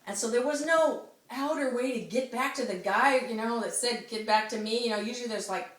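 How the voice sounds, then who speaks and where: A woman telling a friend a story in casual chat, animated, often laughing and acting out the people she quotes. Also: a little high, brisk. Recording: roomy, distant mic, noisy background.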